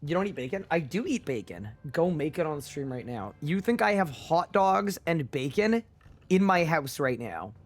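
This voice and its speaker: A man's voice: on the high side, big pitch swings, normal speed. Male streamer, casual live chat, playful incredulous banter, faint music behind. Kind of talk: casual livestream chat with viewers.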